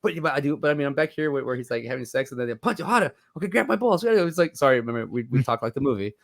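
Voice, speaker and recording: Fast-talking man on a movie podcast. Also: medium pitch, creaky, no echo, clean studio sound. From Mexico. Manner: rambling, animated, acts out quoted voices. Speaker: podcast co-host. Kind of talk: casual movie podcast chat.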